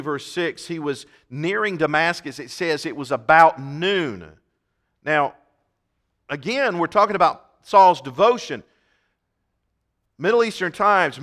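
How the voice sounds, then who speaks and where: A male preacher giving a sermon, talking emphatically, swelling loud on key points and repeating words. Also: on the high side.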